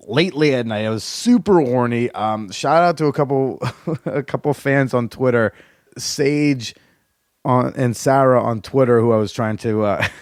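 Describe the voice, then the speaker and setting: A man's voice: medium pitch, dry recording, studio quality. A man hosting a podcast, telling stories in a frank, profane, rambling way. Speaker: podcast host. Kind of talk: candid solo storytelling.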